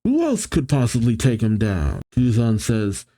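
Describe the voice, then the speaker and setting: Guy reading manga out loud and reacting, lively pitch, dark mellow voice. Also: a little slow. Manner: animated, chatty reactions. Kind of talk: reading manga aloud with commentary.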